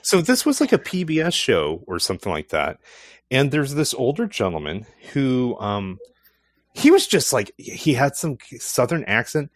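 A man's voice: mid-range voice, very animated, moderate pace, no room sound. A man in easy conversation, his voice climbing and dipping as he jokes and riffs. He laughs often and keeps it playful. The sound is dry and close, with no room around it. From not California. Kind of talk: casual chat.

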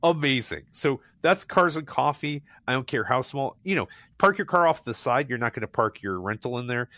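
A man's voice: mid-range voice, expressive, moderate pace, bright, forceful tone, dry recording. A man chatting casually as a guest, telling enthusiastic, rambling stories full of restarts and fillers. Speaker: guest recommending local car meets. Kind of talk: casual conversational storytelling.

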